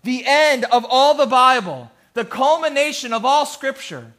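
A man preaching a sermon as pastor, emphatic, swinging between loud and hushed, with rhythmic lists. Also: very high voice, animated, a little slow.

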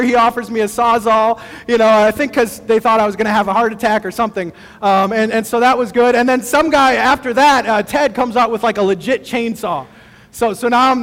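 High-voiced man preaching in a reverberant hall. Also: a bit bright. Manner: conversational storytelling with self-deprecating humor. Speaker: pastor. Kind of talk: sermon.

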